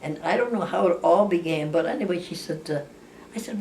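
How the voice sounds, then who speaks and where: An older family storyteller speaks a little fast in a slightly mellow voice that sits on the low side, chatting casually. Her tales ramble with frequent restarts and corrections, and she imitates the people she talks about. Faint hiss accompanies the distant-mic recording.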